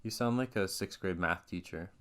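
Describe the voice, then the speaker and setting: A man co-hosts a podcast in a relaxed chat. His voice sits on the low side. He teases with a dry, deadpan humor. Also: normal speed. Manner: teasing, dry. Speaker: podcast co-host. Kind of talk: casual chat.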